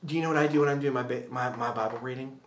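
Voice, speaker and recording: A man pastor preaching a sermon in an earnest, repetitive cadence, dropping to a hushed voice for prayers. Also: medium pitch, steady tone, racing, roomy sound, slight background noise.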